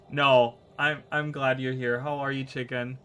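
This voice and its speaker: A man with a smooth, mid-range, fairly bright voice speaks slowly and levelly while streaming a game. His casual chat with viewers wanders, and he often stumbles and restarts sentences.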